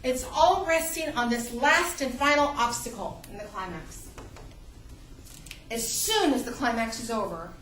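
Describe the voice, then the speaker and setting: A woman teaching a college literature class, lively, asking the class rhetorical questions and acting out how readers react. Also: on the high side, measured pace, a little hiss or hum. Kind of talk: classroom lecture. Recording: echoey classroom, mic far off.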